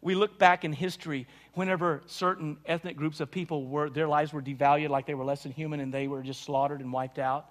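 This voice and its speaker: A man's voice: fairly high pitch, steady tone, fairly quick, hardly any pauses. A man, a pastor, preaching a sermon with emphatic delivery and frequent "see?" and "right?" to the congregation.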